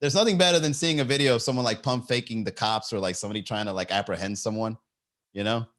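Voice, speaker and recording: A man's voice: fairly low pitch, quick pace, fairly bright tone. A man hosting a comedy podcast, riffing casually, often laughing and swearing freely.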